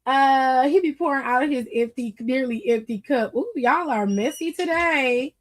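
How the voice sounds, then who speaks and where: A young woman with a high voice hosts a casual wrestling recap stream. She talks blunt and profane, animated and laughing easily, into a streaming mic. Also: moderate pace.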